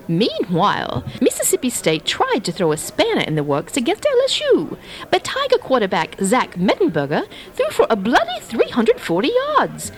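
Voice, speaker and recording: Woman doing a hammy fake british duchess, high voice that swoops all over, faint music behind. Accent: put-on British. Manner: hammy, stumbling, overly proper.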